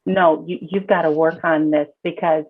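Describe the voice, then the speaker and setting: A woman counselor with a deep, steady voice speaks at a moderate pace as a podcast guest. Her advice is casual and emphatic, and she often repeats words when beginning a thought, all over tinny, phone-like audio.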